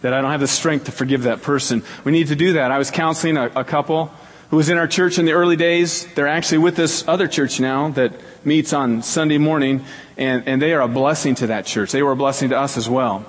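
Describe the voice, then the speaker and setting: A man's voice: steady tone, fairly quick. A middle-aged male pastor preaching a sermon, telling stories earnestly, repeating key phrases for emphasis. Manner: acts out quoted people in a higher voice. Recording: long hall reverb.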